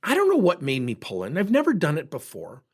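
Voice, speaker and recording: A man hosting a podcast, candidly telling personal stories as a coach in an animated way. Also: fairly high pitch, fairly quick, slightly rough. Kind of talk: personal storytelling monologue.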